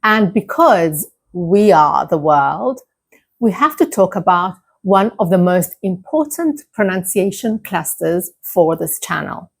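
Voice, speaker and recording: A woman with an Italian accent leads an English pronunciation lesson at an unhurried pace, saying each word slowly and repeating it. Her lowish voice carries a gravelly edge. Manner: slow, deliberate, repeats words for practice.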